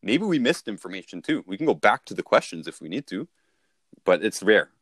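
A man's voice: lowish voice, very animated, brisk, a bit bright, breathy edge, no room sound, studio quality. A man talking casually as a sales coach, repeating and restarting himself as he explains.

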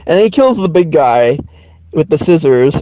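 Chatty male podcast host, laughs easily, slightly high voice, muffled lo-fi sound. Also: sing-song, moderate pace, no room sound. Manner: giggly, rambling, frequent laughs. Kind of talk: casual chat.

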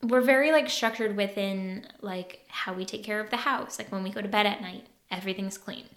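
A woman's voice: mid-range voice, fairly quick, fairly bright tone. A young woman from California co-hosting a podcast, chatting casually, laughing often and filling her talk with "like". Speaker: podcast co-host.

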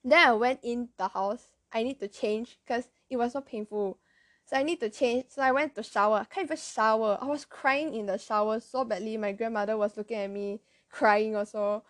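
A woman with a Malaysian English accent tells a story in a loose, chatty way, correcting herself and dropping slang along the way. Her voice sits a bit high. The recording is dry and close. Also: moderate pace, dry recording. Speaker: vlogger. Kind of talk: casual storytelling.

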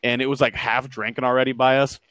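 A man's voice: mid-range voice, little pitch movement, fast, a bit bright, no echo. A young man hosting a casual podcast, rambling through stories with lots of fillers and restarts. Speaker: podcast host.

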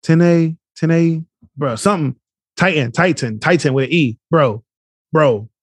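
A man's voice: a little high, a little slow, husky, no echo. A man co-hosting a podcast, telling stories in a slangy, rambling way in casual chat. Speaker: podcast co-host.

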